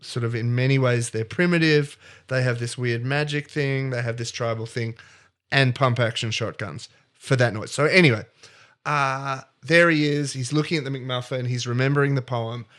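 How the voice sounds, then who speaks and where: A non-American man co-hosts a comedy podcast, retelling a story in a playful, rambling way and interrupting himself as he goes. His mid-range voice is a bit bright, with fairly even intonation and a moderate pace.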